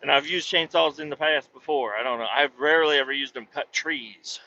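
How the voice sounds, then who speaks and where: A man hosting a podcast, telling a profane, animated story and acting out voices with sudden loud yelps. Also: a little high, a little fast, dull audio, a little hiss or hum. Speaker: podcast host. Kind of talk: casual storytelling monologue.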